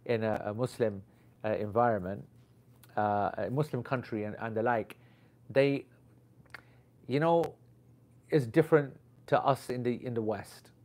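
A man of ordinary pitch tells a casual, rambling anecdote. He talks in an animated way and drops slang as he goes. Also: unhurried, pauses often. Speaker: Islamic teacher.

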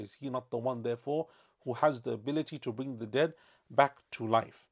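A man gives a religious lecture in a gravelly, fry-tinged voice at a middling pitch. He explains step by step and often stops to rephrase or correct himself. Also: fairly even intonation. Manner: measured explaining with frequent self-corrections. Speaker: Islamic studies teacher.

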